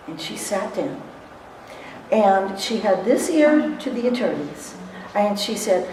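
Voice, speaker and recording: A middle-aged woman giving a lively motivational seminar to court reporters, telling stories and acting out what people said, laughing often. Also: medium pitch, a little slow, background noise. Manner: animated storyteller, laughs often, acts out quotes. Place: seminar hall. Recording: echoey hall, recorded from far off.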